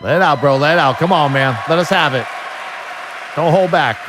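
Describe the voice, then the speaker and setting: A man streaming his reactions to a live show, excitable, joking and heavy on swearing. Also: on the high side, fairly quick, background noise. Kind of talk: casual chat. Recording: event stream playing loudly behind. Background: show audio with music and crowd.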